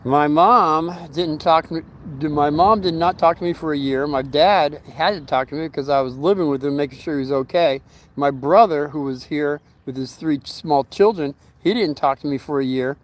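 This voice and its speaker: A man's voice: on the high side, normal speed. A middle-aged man telling a long story in a casual vlog at his home, rambling with fillers and restarts, and briefly acting out the voices of the people in it. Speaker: storyteller vlogger.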